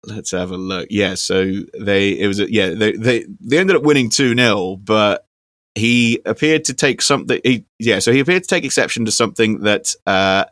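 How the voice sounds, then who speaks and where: A man's voice: fairly low pitch, normal speed, a bit bright, dry recording, clean studio sound. A man co-hosting a podcast, chatting casually and hesitantly with many ums. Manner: rambling, hesitant with many ums, reads facts aloud. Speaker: podcast co-host. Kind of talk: casual chat.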